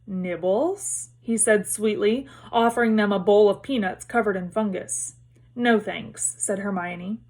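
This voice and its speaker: A woman reading a children's novel aloud, expressive, lifting her voice for the characters. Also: mid-range voice, moderate pace, hardly any pauses. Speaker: reader.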